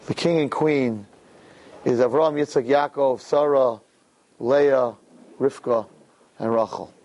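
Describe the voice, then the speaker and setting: A man telling a parable in a sermon, animated and building to impassioned peaks. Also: mid-range voice. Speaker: religious teacher. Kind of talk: sermon storytelling.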